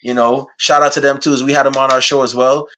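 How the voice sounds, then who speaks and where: A man from Guyana hosting an interview podcast, chatting casually and getting animated as he jokes around. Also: mid-range voice, quick pace, slight background noise. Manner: animated, laughing while putting on a playful accent. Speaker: podcast host.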